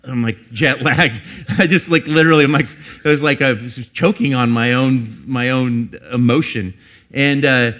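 A man's voice: mid-range voice, moderate pace, fairly bright tone. Pastor, middle-aged man, mid-range voice; confessional sermon delivered like a personal story, loose and conversational with restarts. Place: church.

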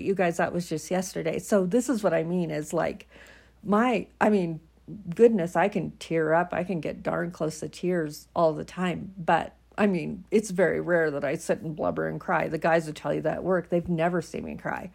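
A woman's voice: lowish voice, steady tone, normal speed, gravelly, a little mellow, husky. A middle-aged woman talking candidly to her viewers in a folksy, emphatic way, laughing often as she tells personal stories. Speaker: vlogger.

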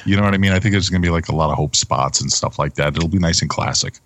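A man's voice: deep voice, very fast, a bit bright, no room sound. A man co-hosting a casual wrestling chat podcast, loose and profane in his talk. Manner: loose and profane, laughs easily. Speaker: podcast co-host.

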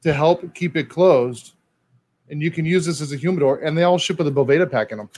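A man co-hosting a live stream, chatty and excitable, calling out viewers' comments. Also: on the high side, quick pace. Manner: excitable, chatty, says "dude" and "man" a lot. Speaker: co-host reading live comments. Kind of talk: casual live-stream chat.

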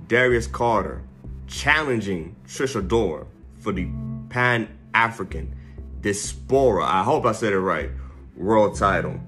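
A man's voice: on the low side, lively intonation, normal speed, fairly bright tone, faint music behind. A man giving a casual, rambling recap, correcting himself often and laughing at his own slips. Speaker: wrestling fan reviewer. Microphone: headphones with mic.

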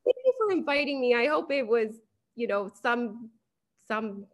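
A woman's voice: fairly high pitch, big pitch swings, moderate pace. A woman, a guest on a podcast, chatting in a rambling way and laughing often. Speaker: podcast guest, hair removal business owner. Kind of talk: casual interview chat.

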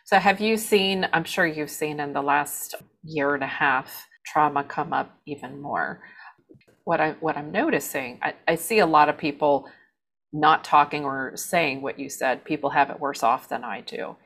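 A woman's voice: low-pitched, normal speed, a bit bright. A woman hosting an interview, asking thoughtful questions and encouraging her guest. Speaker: interview host. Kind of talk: casual interview talk.

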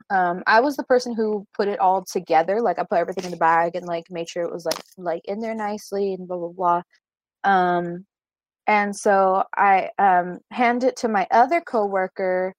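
A woman's voice: medium pitch, dry recording. Rambling young woman telling a story. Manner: rambling, full of "like" and "blah blah" fillers. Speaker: podcast co-host. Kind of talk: casual storytelling. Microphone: remote recording at home.

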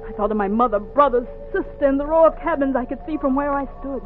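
A woman plays a young enslaved woman fleeing north, earnest and defiant, in a vintage radio play. Her voice sits high. It comes through a thin, tinny old radio recording. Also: fast talker, faint music behind, close to an everyday voice. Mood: breathless. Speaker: narrator and lead. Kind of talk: 1950s radio drama acting.

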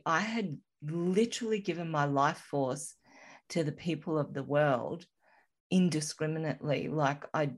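A woman with a low, unhurried voice tells a personal story as an interview guest. She speaks softly and reflectively, letting her sentences trail and pause. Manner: slow, reflective, soft-spoken storytelling.

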